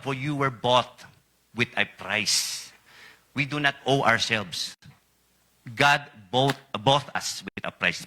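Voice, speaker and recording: A male preacher with a Filipino accent delivers a sermon in a voice that is bright and piercing. His pitch swings widely, leaping up on the words he wants to stress, and he keeps checking in with the congregation for an answer. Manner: switches between English and Tagalog, asks the congregation for responses; rises sharply in pitch on emphasized words.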